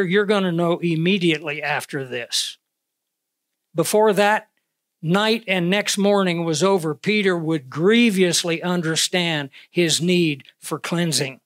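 A man preaching a sermon in an earnest way, slowing down to stress key words, speaking into a clip-on microphone. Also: sits high, fairly bright tone, dry recording, studio quality. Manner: earnest, with slow emphatic pauses on key words. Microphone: wearing a clip-on microphone.

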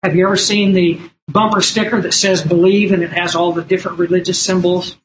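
A man's voice: high voice, steady tone, fairly quick, a little hiss or hum, rough recording. A man preaching a sermon from printed notes, earnest and emphatic, repeating key lines and telling stories.

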